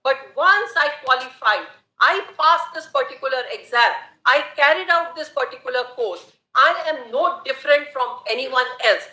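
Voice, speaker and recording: A woman advocate with an Indian English accent making a formal, measured argument in court, deferentially addressing the bench. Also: high-pitched, expressive, pushed and bright. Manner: measured, deferential, repeatedly saying "my lords". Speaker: advocate arguing a case. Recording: echoey courtroom audio.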